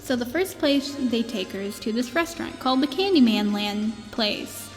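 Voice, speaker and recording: A woman voicing a gentle space princess who tells a bedtime story in a meandering way, with fillers and restarts. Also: a little high, animated, normal speed, natural voice. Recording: long reverb with faint music.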